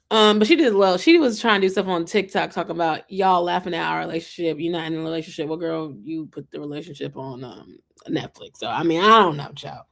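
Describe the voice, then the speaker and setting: A young woman from the United States talks casually to her viewers with a slightly low voice. She rambles in a chatty, animated way, fills her talk with "like" and "um", and drops in "child" as an aside. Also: brisk, gravelly. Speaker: vlog host reviewing a reality show. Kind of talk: casual chat to camera.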